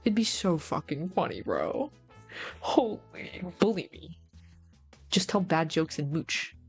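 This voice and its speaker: Rambling young woman streamer, low voice. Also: big pitch swings, a little slow, vocal fry, husky, faint music behind. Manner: rambling, repeats herself, teasing. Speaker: VTuber streamer. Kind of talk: casual live-stream chat. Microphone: game chat headset mic, low sound quality.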